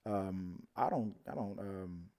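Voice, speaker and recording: A man's voice: low-pitched, slow, mellow. A man hosting a live movie talk stream, chatting casually with viewers and telling a rambling story.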